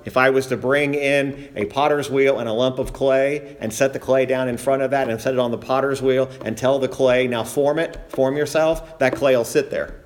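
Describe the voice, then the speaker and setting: Male preacher, sermon, emphatic, repeats phrases, reads scripture aloud, medium pitch. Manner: emphatic preaching, repeating phrases for stress, slowing down on key points; reads scripture aloud in King James wording.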